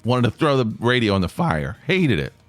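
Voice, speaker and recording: A solo podcast host with an East Tennessee accent rambles along self-deprecatingly and asks his audience for feedback, faint music playing behind him. He speaks at normal speed in a medium-pitched voice with big pitch swings. The recording has no room sound.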